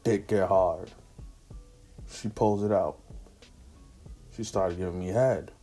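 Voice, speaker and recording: Slangy man telling a story, husky and mellow. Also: low voice, steady tone, slow pace, soft background music. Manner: slangy, profane, laid-back street talk. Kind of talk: casual personal anecdote.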